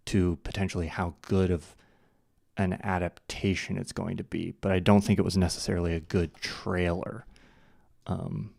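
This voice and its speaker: Deep gravelly man chatting on stream. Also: a little mellow, dry recording, studio quality. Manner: chats with viewers and mutters to himself while working; many fillers and restarts. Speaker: live stream host. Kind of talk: casual live stream chat while editing.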